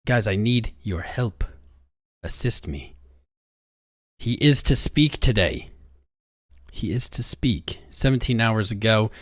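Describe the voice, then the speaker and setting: A man's voice: on the low side, unhurried, no room sound, clean studio sound. A young man hosting a crypto livestream, talking restlessly to his chat while he searches for something.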